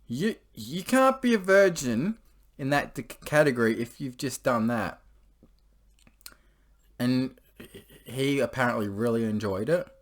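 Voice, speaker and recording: A man's voice: medium pitch, lively intonation, a little slow, pauses often. A man casually telling crude stories, rambling, swearing freely and laughing as he goes. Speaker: storyteller host.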